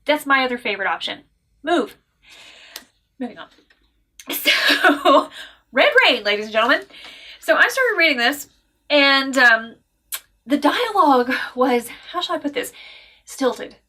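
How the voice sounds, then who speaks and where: A Southern woman with a Southern US accent, casually reviewing a book in a chatty, animated way with frequent laughs and asides. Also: high-pitched, measured pace, long pauses. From American South.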